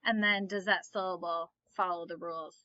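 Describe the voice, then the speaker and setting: A woman's voice: fairly low pitch, fairly even intonation, moderate pace, pushed and bright, dry recording, highs cut off. A woman teaching a phonics lesson, patiently asking questions and then answering them herself. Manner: patient, asks and answers her own questions.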